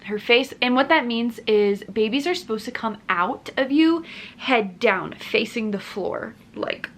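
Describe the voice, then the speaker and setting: A woman's voice: on the high side, animated, a little slow, slight background noise. A young woman in her twenties, a family vlogger, earnestly recounting a personal experience in a casual, chatty way with lots of "like" fillers. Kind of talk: casual personal storytelling to camera.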